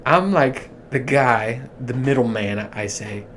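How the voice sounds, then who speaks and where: A man in his thirties tells stories on his own podcast in a loose, swearing, animated way. His voice sits at an ordinary middle pitch. A faint hiss of background noise runs under the recording. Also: slow. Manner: profane, animated, laughs through his stories. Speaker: podcast host. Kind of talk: casual storytelling monologue.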